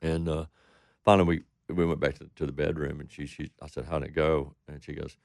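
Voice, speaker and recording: A man's voice: a bass voice, flat delivery, brisk, vocal fry, darkish tone, no room sound, studio quality. A man from Texas, a country singer, telling rambling stories in an interview, acting out what people said. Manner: rambling anecdotes with quoted voices. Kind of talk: storytelling interview.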